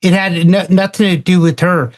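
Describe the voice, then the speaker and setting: A man in a casual roundtable discussion, telling a story in a halting way and often repeating words. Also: high voice. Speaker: roundtable participant.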